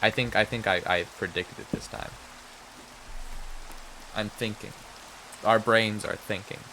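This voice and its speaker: A man's voice: lowish voice, steady tone, a little slow, pushed and bright, slight background noise, low-quality recording. A man streaming a game, muttering to himself and trading mock-outraged jokes with his chat. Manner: mutters to himself while playing. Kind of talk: casual live game stream talk.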